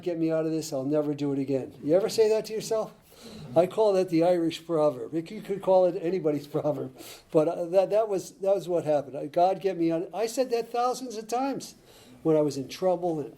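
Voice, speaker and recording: An older man from Connecticut shares his story at a recovery meeting, his talk halting and full of restarts. His voice sits a little high yet sounds deeply mellow and dark. He chuckles often as he tells it. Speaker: AA speaker.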